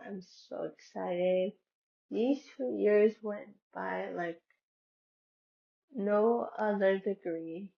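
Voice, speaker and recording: Slow-talking woman with a gravelly voice. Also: mid-range voice, highs cut off. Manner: chatty, retells conversations with many "I'm like" quotes. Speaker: vlogger. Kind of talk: casual personal storytelling.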